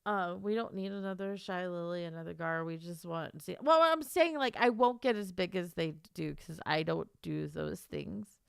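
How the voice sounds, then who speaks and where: A woman's voice: fairly low pitch, normal speed, vocal fry, smooth, dry recording, clean studio sound. A woman streamer chatting casually with her viewers, emotional and teary, laughing and rambling as she talks. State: teary, crying on and off. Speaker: streamer and author. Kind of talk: casual live-stream chat.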